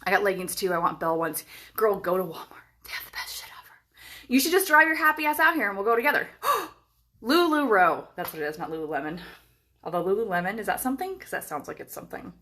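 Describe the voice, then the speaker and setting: An excitable woman in her thirties chats on a live stream from a hotel room. She swears freely and strings her thoughts together with lots of fillers. She talks into a phone camera. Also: lowish voice, fast talker. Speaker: vlogger. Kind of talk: casual live-stream chat.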